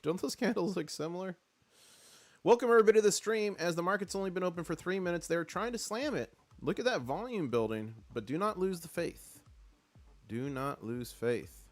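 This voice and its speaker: A man hosting a casual live stream with excited market commentary, rallying his chat and reading out their comments. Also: high-pitched, a little fast.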